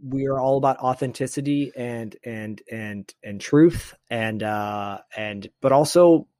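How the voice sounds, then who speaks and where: A man's voice: medium pitch, measured pace, darkish tone, no echo, clean studio sound. A man co-hosting a podcast, talking earnestly with many restarts and repeated words. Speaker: podcast co-host. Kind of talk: casual interview chat.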